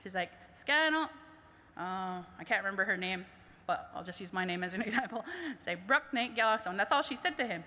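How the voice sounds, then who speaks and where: A woman's voice: medium pitch, expressive, fairly quick, pushed and bright. A woman language teacher at a summit, telling a chatty personal story full of quoted dialogue. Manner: chatty, lots of "I was like" quotes. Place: conference hall. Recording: reverberant hall.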